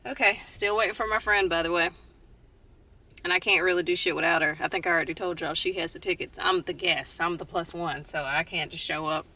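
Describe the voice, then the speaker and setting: A woman's voice: lowish voice, fairly even intonation, brisk, sharp tone. A young woman chatting casually to her phone camera from a parked car, slangy and self-mocking. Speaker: vlogger. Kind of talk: casual vlog chat. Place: parked car in a parking garage.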